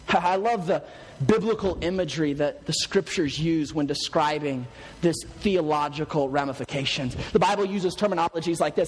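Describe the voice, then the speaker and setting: A man preaching a sermon, animated and swinging from hushed to loud, laughing often as he tells stories. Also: on the high side, moderate pace, breathy edge. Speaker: pastor. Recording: long hall reverb.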